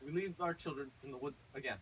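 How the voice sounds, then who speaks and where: A man playing a sad, gentle woodcutter father. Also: medium pitch, fast, a little hiss or hum, pitched below the performer's own voice, close to an everyday voice, poor audio.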